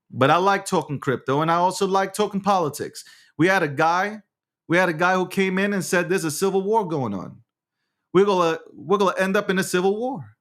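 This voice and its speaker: A man's voice: sits high, fairly bright tone. A man hosting a casual crypto livestream, talking in a hyped, showy, repetitive patter. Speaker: livestream host.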